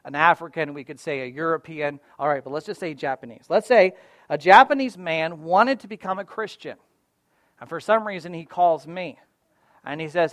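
Male pastor, fairly high voice, dry close sound, chatty sermon delivery that swings between forceful and soft. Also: moderate pace, dry recording. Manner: conversational preaching with frequent "all right?" and "right?" check-ins; swings between loud emphatic stresses and quiet low asides.

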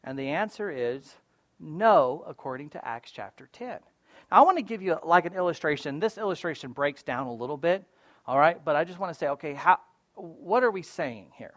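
A man preaching a sermon as a pastor, casual and conversational, often checking in with "right?" and moving between loud emphasis and quiet asides. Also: fairly high pitch, expressive, normal speed, dry recording, studio quality.

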